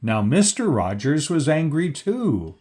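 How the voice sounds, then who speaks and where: A man reading a children's picture book aloud, slow and lively, lifting his pitch for the characters' lines. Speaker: storybook reader.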